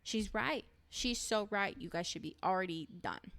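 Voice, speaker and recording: A woman with a smooth, clean voice gives a casual recap of a reality show. She chats on with opinions and many fillers. The sound is dry and close, with no room echo. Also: mid-range voice, normal speed, a bit bright. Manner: chatty and opinionated, lots of "like" and "um".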